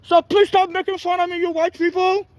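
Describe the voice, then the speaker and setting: A man's voice: extremely high pitch, flat delivery, brisk, no room sound. A man from Nigeria, making an urgent, rambling plea straight to camera about being homeless and mistreated. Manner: rambling, pleading, repeats himself.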